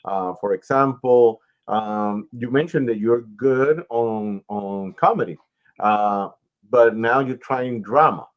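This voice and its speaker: Slow, advice-giving male radio host. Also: mid-range voice, muffled recording. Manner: slow, advising, explains at length. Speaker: radio show host and talent manager. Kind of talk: casual interview chat.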